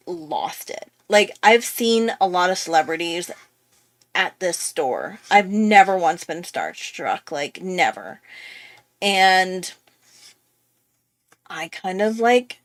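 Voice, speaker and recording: A woman's voice: mid-range voice, animated, slow pace, pauses often, no room sound. A young woman telling a long, rambling story in casual chat on her art channel, with many fillers and restarts. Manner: chatty, rambling, full of fillers. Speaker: art YouTuber.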